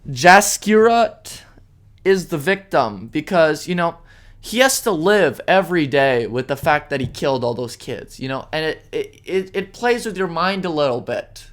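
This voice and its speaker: A man hosting a solo podcast, ranting sarcastically and indignantly, jumping between loud outbursts and muttered asides. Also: a little high, big pitch swings, unhurried. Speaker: podcast host. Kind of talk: solo opinion rant.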